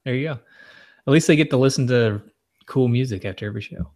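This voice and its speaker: A man's voice: medium pitch, fairly quick, a little mellow. A man, co-hosting a casual podcast and chatting in an easygoing way, laughing often and letting sentences trail off. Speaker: podcast co-host.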